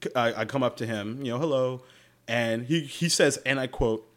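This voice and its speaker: A man's voice: medium pitch, moderate pace. A man from Jacksonville, Florida, hosting a podcast and telling travel stories in a casual chat, swearing freely and laughing as he talks. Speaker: podcast host.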